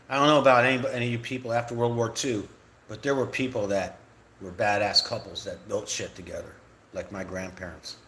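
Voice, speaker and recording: A man's voice: medium pitch, a bit bright. A middle-aged man on a live stream, ranting with lots of repetition and swearing. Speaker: livestreamer ranting about realtors.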